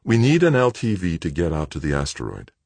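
A man's voice: sits low, huge pitch swings, brisk, creaky, darkish tone, no echo, pitched above the performer's own voice, heavily acted. A male narrator voicing a determined young adult son who talks lightly but insistently. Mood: persuasive.

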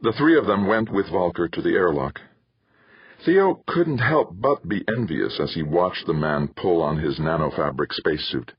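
A man reading an audiobook novel aloud in an expressive storytelling manner, in a dull, dry lo-fi recording. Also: low voice, moderate pace, husky, no room sound. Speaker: audiobook narrator. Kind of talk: scripted narration.

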